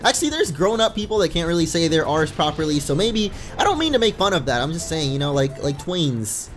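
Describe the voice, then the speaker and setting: A man's voice: on the high side, big pitch swings, brisk. A young man giving casual, rambling commentary while playing a video game. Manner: chatty, rambling, reads game text aloud. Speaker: let's play gamer. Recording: faint game music behind.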